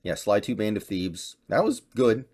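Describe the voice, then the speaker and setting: Young male gaming host, lower register, relaxed off-the-cuff chat. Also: moderate pace, slightly rough. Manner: chatty, offhand, thinking aloud. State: slight cough and voice crack. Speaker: gaming YouTuber. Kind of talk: casual tier-list commentary.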